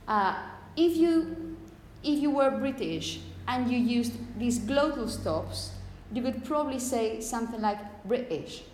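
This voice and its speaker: A woman with a fairly high, expressive voice and a darkish tone teaches phonetics in an echoey classroom, where long reverb and faint hiss are audible. Her explanations are slow and repetitive, punctuated by "okay?"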